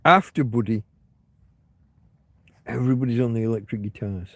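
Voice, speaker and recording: A man's voice: medium pitch, normal speed, a bit bright, no room sound. A man from England casually chatting with his livestream audience from home, rambling and swearing, trailing off with ums, with hiccups. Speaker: livestream host.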